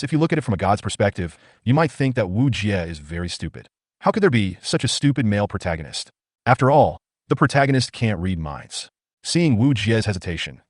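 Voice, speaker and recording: Fast-talking low-voiced male narrator. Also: dry recording, studio quality. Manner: brisk, steady storytelling read. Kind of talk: manga recap narration.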